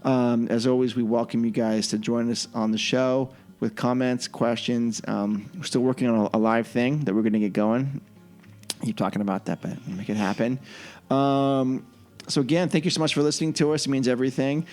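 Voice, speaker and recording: Laid-back guy hosting a podcast, rambly, middle pitch, just chatting. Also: fairly even intonation, moderate pace, a little mellow, faint music behind. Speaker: podcast host. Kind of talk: casual podcast chat.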